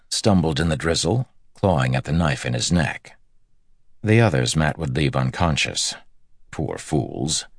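A man narrating a story in an audiobook, with steady, measured storytelling. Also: a bass voice, no echo, studio quality. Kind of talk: scripted narration.

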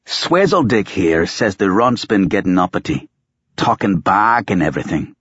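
A man's voice: low voice, very animated, normal speed, slightly rough, no echo, dull audio, full character voice. A man voicing a cranky, sardonic ancient male wizard who grumbles in a coarse, raised voice. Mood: grumbling.

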